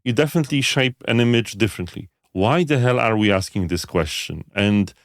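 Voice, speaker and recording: A man co-hosting a podcast, talking in an animated, filler-heavy way and asking rhetorical questions. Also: fairly low pitch, a little fast, no echo, studio quality. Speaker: podcast co-host. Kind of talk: casual podcast discussion.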